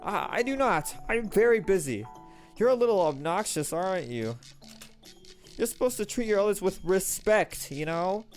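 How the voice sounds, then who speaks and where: A man's voice: high-pitched, big pitch swings, moderate pace, faint music behind, voice pushed up. A man voicing an earnest young foreign woman who stammers and pleads when flustered.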